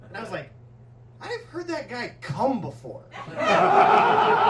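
High, animated male stand-up comic. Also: very noisy. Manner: profane, animated storytelling. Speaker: stand-up comedian. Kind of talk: stand-up set. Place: comedy club stage. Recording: echoey club, distant mic, audience laughter.

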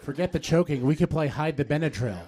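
A man performing a stand-up comedy set on stage, telling conversational stories that build to quick punchlines. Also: a little high, animated, noisy background. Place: comedy stage before a live audience. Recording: live set with audience laughter. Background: crowd laughing.

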